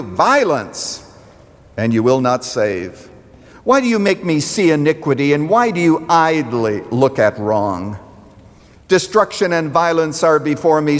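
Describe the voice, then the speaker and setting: A pastor preaching a sermon, building dramatically to loud pleas when quoting scripture. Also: male voice, medium pitch. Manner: dramatic, rising to near shouting on quoted pleas. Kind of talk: radio intro then sermon. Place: church sanctuary. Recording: long reverb of a church hall.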